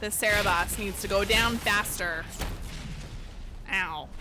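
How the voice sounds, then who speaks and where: A woman's voice: mid-range voice, slow, over music. A young woman streaming a video game, chatting casually, laughing at herself and talking to herself. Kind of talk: casual gameplay commentary.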